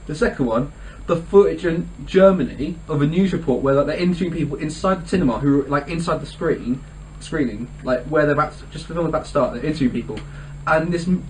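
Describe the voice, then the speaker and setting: A young man rattles through stories at speed, stringing them together with "like" and breaking into laughter. His voice sits a little high. He is recorded from a distance with faint background hiss. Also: fairly bright tone. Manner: rambling, heavy use of "like", laughs often. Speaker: podcast co-host. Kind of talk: casual chat. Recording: distant mic with faint ambient noise.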